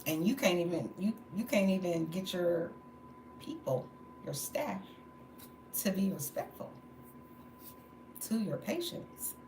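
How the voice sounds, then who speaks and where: A woman's voice: on the low side, lively intonation, slow, long pauses. A tired woman venting candidly in a late-night livestream monologue, laughing between stories. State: tired from no sleep. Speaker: livestream host. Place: indoors at home, late at night. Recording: roomy echo, faint background noise.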